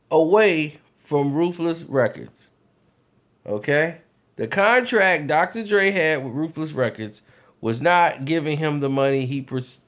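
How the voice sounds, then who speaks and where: A man vlogging, telling casual stories in an animated, loose way with frequent laughs. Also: on the high side. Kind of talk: casual storytelling.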